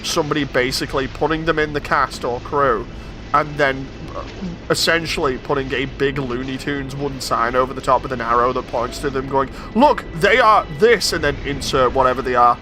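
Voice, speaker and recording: A man's voice: medium pitch, fairly even intonation, brisk, music in the background. A man streaming a game, talking casually and rambling through opinions with many restarts. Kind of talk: casual gaming stream chat.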